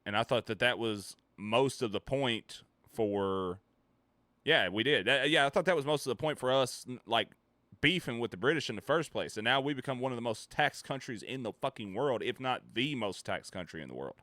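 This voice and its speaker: A man streamer ranting in casual chat, animated, swearing and laughing between points. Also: medium pitch, moderate pace, no room sound. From United States.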